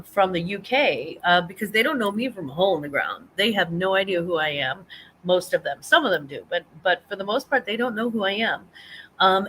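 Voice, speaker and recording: A woman's voice: mid-range voice, fairly bright tone, slight background noise, poor audio. A woman, hosting a casual live-stream chat, rambling with many ums and restarts. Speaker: host of a live reselling chat show.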